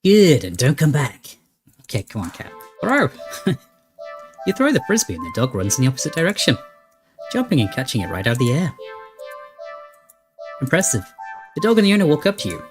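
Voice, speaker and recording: A playful man hosts a let's play, reading a horror game's narration aloud with dramatic flair and joking asides. His pitch moves a lot. Game music sits clearly behind him. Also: big pitch swings, moderate pace, pauses often. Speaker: gaming channel host.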